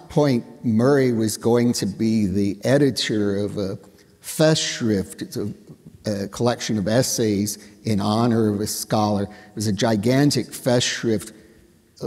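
An older man on a conference panel, recalling stories in a measured way with dry humor. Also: fairly low pitch, darkish tone. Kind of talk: anecdotal panel talk. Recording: long reverb of a hall.

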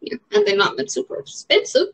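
A woman's voice: a little fast, fairly bright tone. A young adult woman in a casual vlog, answering question prompts in a rambling, frank way with lots of fillers. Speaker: vlogger. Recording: dull lo-fi audio.

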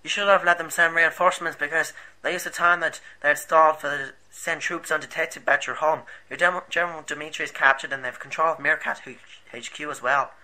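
An eager rebel leader, played by a man, explains at length in a bright, slightly high voice. The delivery is earnest and rambling, like amateur movie acting. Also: fairly even intonation, fast, few pauses, rough recording.

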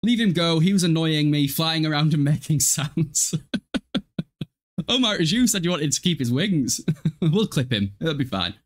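A man's voice: a little high, lively intonation, moderate pace. Chatty laughing man from Hull. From Hull, East Yorkshire, England. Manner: chatty, laughs often, swears casually. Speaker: gaming livestreamer. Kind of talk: casual gameplay livestream chat.

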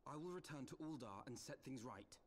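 An actor voicing an earnest young male scholar and leader in a video game, speaking in a formal, measured way. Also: medium pitch, expressive, noisy background, lightly acted.

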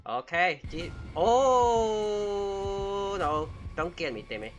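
A man's voice: high-pitched, animated, drawn-out words, lo-fi sound, soft background music. A man giving jokey, casual commentary while playing a game and talking back to it with frequent exclamations. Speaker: gamer.

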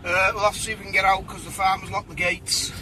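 A man chats casually with friends on a detecting trip outdoors, keeping his replies short and easygoing. His voice is bright and fairly high for a man. A little background noise sits under it. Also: flat delivery, fast. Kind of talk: casual chat. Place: outdoors in fields.

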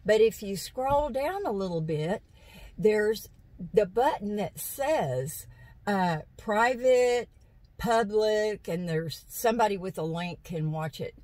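Woman, unhurried, rambling and chatty, laughs easily, phone mic in a parked car. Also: mid-range voice, expressive, a little mellow, dry recording, rough recording. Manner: rambling storyteller, laughs often. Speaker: vlogger. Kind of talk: casual chat to viewers. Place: parked vehicle in a parking lot. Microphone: phone on a stand.

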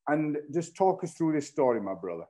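A man's voice: fairly high pitch, very animated, a little fast, dark tone. A man hosting a combat sports podcast, chatting casually and teasing his guest in a matey way. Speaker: podcast host. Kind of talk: casual interview chat.

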